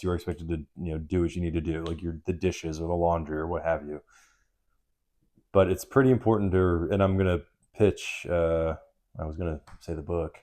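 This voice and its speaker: A man in his thirties co-hosting a podcast, casual and animated, swearing freely. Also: low-pitched. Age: 30s. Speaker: podcast co-host.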